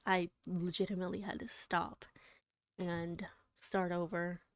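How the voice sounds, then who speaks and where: A woman on a livestream, reading poetry aloud dramatically with drawn-out words and whispered passages, then chatting with her viewers. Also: on the low side, level tone, no echo.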